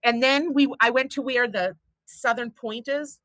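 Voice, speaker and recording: A woman's voice: on the high side, steady tone, measured pace, fairly bright tone, no echo, poor audio. A woman, chatting bluntly and telling stories as a show host. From Boston. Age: 50s. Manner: chatty storyteller, blunt and profane. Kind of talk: casual chat on a livestream.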